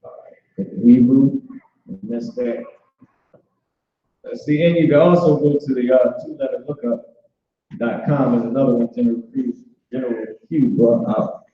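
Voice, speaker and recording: A man teaching an informal online language class, talking loosely with many restarts and filler words like "boom". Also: normal speed, pauses often, a little hiss or hum. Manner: loose, conversational, repeats "boom" and restarts often. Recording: echoey, dull online call audio.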